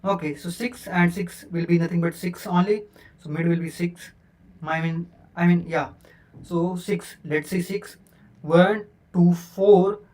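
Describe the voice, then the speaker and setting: A man's voice: high-pitched, steady tone, unhurried, a little mellow, far from the mic. A man teaching a coding lesson, counting numbers aloud step by step and correcting himself as he goes. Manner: self-correcting with frequent fillers. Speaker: programming teacher. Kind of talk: screen-recorded coding lesson.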